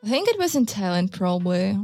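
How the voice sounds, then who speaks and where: A mellow woman's voice, speaking slowly and hesitantly in a casual chat. She pauses often and fills gaps with ums and likes. Faint music plays in the background. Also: medium pitch, sing-song. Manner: hesitant, slow, many fillers. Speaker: conversation partner.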